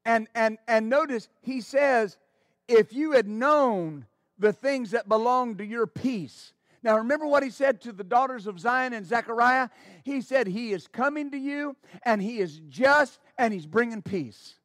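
Male pastor, very high voice, fervent sermon delivery with restarts, dry close recording. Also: lively intonation, a little slow, a bit bright, no echo. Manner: fervent, exclaiming praise, stammering restarts.

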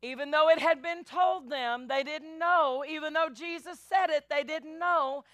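A woman pastor preaching a sermon, animated, acting out biblical voices and calling the congregation y'all. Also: high-pitched, a little slow, no echo.

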